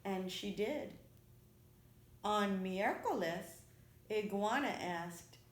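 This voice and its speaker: A woman reads a children's picture book aloud at an unhurried pace. Her narration is gentle and measured. The voice rings in an echoey room. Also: mid-range voice. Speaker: storyteller.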